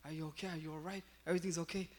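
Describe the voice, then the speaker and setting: Brief: male pastor, fairly high voice, animated storyteller, loose and chatty. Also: rapid-fire. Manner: animated storytelling with many fillers. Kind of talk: sermon.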